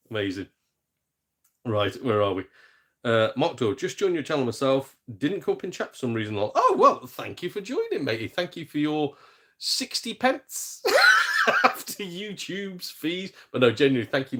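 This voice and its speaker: A man's voice: medium pitch, very animated, brisk, a bit bright. A man hosting a casual live game stream, chatty and self-mocking, reading out viewers' messages. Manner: chatty, jokey and self-mocking, with mild swearing. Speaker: gaming streamer.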